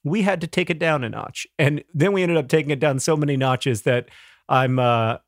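A man's voice: fairly high pitch, moderate pace, no echo, studio quality. An American man co-hosting a podcast, chatting casually in a wry, joking way and reading listener questions aloud. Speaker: podcast co-host. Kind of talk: casual chat.

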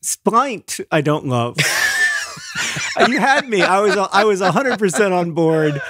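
A man co-hosting a podcast, chatting casually with playful deadpan jokes. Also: high-pitched, a little slow, no echo. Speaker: podcast co-host. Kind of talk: casual chat.

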